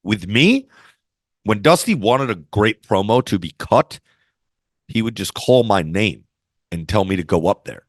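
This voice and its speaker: A man's voice: fairly low pitch, expressive, measured pace, long pauses, dry recording, studio quality. A man telling stories as an interview guest in a brash, swaggering, profane way. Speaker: interview guest, former wrestler. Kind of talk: casual storytelling interview.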